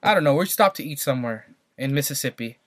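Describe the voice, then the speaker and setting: A man's voice: medium pitch, expressive, fast talker, fairly bright tone, no echo. Rambling young man, dry close mic. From Santa Maria, California. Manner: rambling storyteller, many fillers and repeats. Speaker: podcast co-host. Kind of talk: casual chat.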